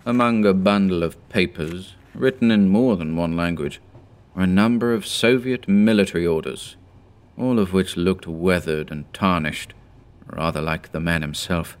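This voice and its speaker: Deep-voiced man narrating a horror story. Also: clean tone. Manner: measured, grave storytelling.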